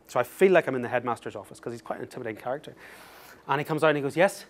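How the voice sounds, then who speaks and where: A man giving a talk as an author, telling an anecdote in a lively, self-mocking way and laughing through the story. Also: mid-range voice, rapid-fire.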